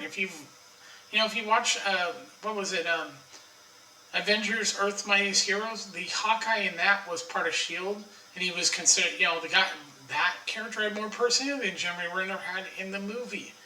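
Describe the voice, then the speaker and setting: A high, very bright-voiced man rants on without a script, blunt and profane, often cutting himself off and starting over. He sits a little back from the mic in an echoey room. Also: recorded from a distance. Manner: profane, blunt, opinionated, frequent restarts. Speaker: online commentator. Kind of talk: ranting casual monologue.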